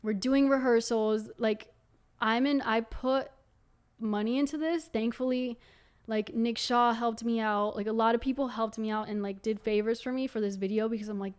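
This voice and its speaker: A young woman candidly telling her life story to camera as the host of her own show, talking in a quick, loose flow with many fillers. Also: fairly high pitch, flat delivery, smooth. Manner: candid and fast-flowing, full of fillers like "like". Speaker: singer and video host.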